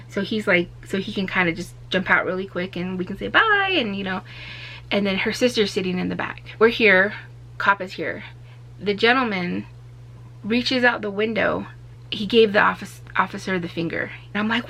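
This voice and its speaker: Animated woman telling a story. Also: mid-range voice. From Arizona, USA. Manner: animated, acts out quotes with raised voice. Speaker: vlogger. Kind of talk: casual storytelling.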